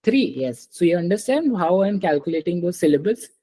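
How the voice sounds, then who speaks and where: A woman's voice: lowish voice, animated, fairly quick, warm tone, husky, rough recording. A woman teaching French pronunciation to a small online class, patiently repeating and checking understanding over a video call.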